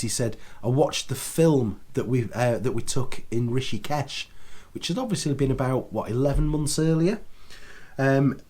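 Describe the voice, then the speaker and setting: A man's voice: mid-range voice, a little mellow. A man giving a chatty, enthusiastic spoken review, full of fillers and restarts. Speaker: video reviewer.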